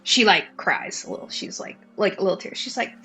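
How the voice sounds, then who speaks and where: A woman's voice: medium pitch, expressive, a little fast, bright, forceful tone, soft background music. A woman narrating a tabletop game as game master, casual and rambling. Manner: casual, rambling, lots of likes.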